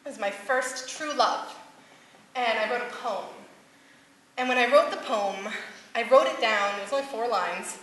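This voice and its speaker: Young woman speaker, bright voice, animated, laughs a lot, live talk in a reverberant hall. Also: on the high side, normal speed. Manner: animated, laughs often, many fillers. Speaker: singer-songwriter giving a talk. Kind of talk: personal storytelling talk. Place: stage before a live audience, echoey hall. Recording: echoey hall with faint ambience.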